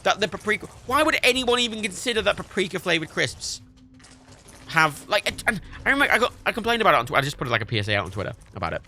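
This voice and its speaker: A man chatting casually while streaming a video game, swearing freely and jumping high in pitch when indignant. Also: very animated, rapid-fire, sharp tone, a little hiss or hum. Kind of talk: casual gaming stream chat.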